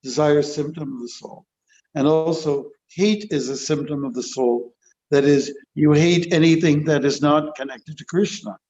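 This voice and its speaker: A man, a monk giving a scripture class, talking in an animated, playful way and acting out quotes. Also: on the high side, normal speed, dull audio. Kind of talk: lecture with storytelling.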